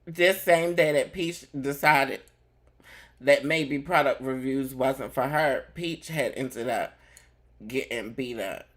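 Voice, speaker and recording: A man's voice: mid-range voice, slow, fairly bright tone. A man hosting a casual commentary show, chatting straight to his viewers. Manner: chatty, addresses viewers directly. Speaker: host.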